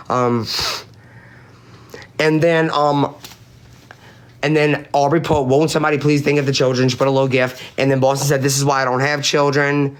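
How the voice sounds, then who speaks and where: A man's voice: medium pitch, level tone, normal speed, long pauses, clean tone. A man on a live-stream panel recounting online drama in casual chat. He is blunt and profane, reads chat messages aloud, and repeats his points for emphasis.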